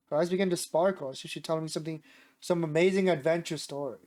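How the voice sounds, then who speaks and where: A man with a sore voice reading a visual novel aloud in a measured way, breaking off now and then to react. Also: fairly high pitch, steady tone, a little mellow. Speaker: streamer.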